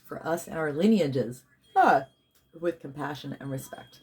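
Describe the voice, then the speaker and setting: A woman's voice: low voice, animated, unhurried, darkish tone, a little hiss or hum. A woman leading a guided healing session, chanting affirmations and commanding prayers, yawning at times. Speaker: spiritual healer and card reader.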